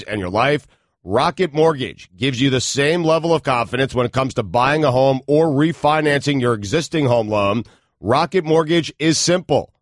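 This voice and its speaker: A man co-hosting a sports radio show, reading sponsor copy in a steady, flat way. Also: mid-range voice, no echo, clean studio sound. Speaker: radio co-host. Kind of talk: read ad copy.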